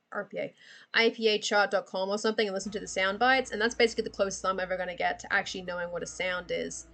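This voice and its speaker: A woman with a medium-pitched, slightly bright voice hosts a laid-back live stream while drawing. She drifts from tangent to tangent, swearing freely and laughing often.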